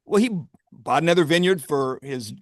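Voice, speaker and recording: A man's voice: on the high side, animated, normal speed, no echo, clean studio sound. A man who owns a vineyard, talking candidly and with wry humor in a casual interview, often laughing. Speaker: vineyard owner and grape grower.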